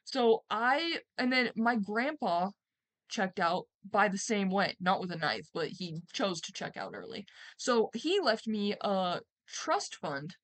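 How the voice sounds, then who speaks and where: A woman's voice: medium pitch, measured pace. Rambling young woman telling a story. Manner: rambling, animated, swears, acts out quotes loudly. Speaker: streamer. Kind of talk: casual storytime.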